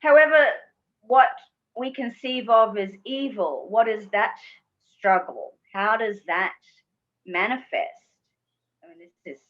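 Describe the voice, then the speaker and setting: A woman's voice: fairly high pitch, a little slow, pauses often. A woman guest from Australia in a casual interview, chatty, laughing easily and restarting her sentences. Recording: dull lo-fi sound.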